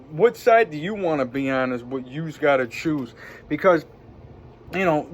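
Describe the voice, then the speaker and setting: A man's voice: fairly high pitch, a little hiss or hum. A man giving an upbeat, rambling motivational vlog talk full of catchphrases. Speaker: vlogger and self-styled spiritual guide.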